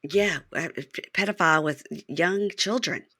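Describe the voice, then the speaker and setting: A woman hosting a podcast, chatting casually as she recaps a reality TV episode and acts out the cast in high, squeaky voices. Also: a little slow, pushed and bright. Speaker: podcast host.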